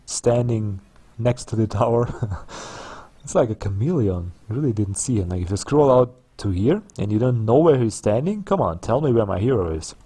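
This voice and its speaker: A man's voice: fairly low pitch, expressive, normal speed, warm tone, breathy edge. A man giving casual let's play commentary on a strategy game, musing aloud with frequent ums and restarts. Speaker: gameplay commentator.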